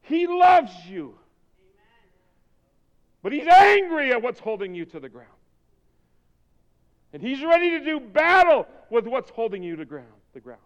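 A male preacher delivering a fervent sermon, moving from quiet, intimate talk to loud, urgent pleading. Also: very high voice, big pitch swings, a little slow, pauses often. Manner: fervent, swings between quiet intimacy and shouting. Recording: long hall reverb.

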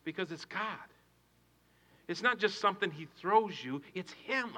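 A male pastor preaching a sermon with passion, swinging from hushed to shouting and repeating his phrases. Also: sits high, lively intonation, normal speed, slight background noise, rough recording.

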